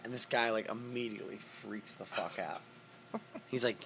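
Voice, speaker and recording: A man's voice: mid-range voice, fairly quick, a bit bright, slightly rough. A young man hosting a casual chat, profane and storytelling, often laughing. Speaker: podcast host.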